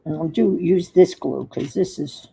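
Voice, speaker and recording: A woman's voice: fairly low pitch, unhurried, gravelly, dark tone, husky, poor audio. An older woman hosting a crafting livestream, chatting casually and muttering to herself as she works. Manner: talks to herself while working, muttering asides.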